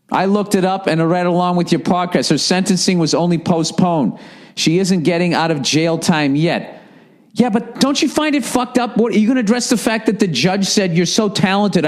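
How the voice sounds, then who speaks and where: A man in his forties with a Boston accent hosts a comedic podcast monologue. He talks in a slightly high voice, full of profanity. He argues back at a listener's email and sounds indignant. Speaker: podcast host.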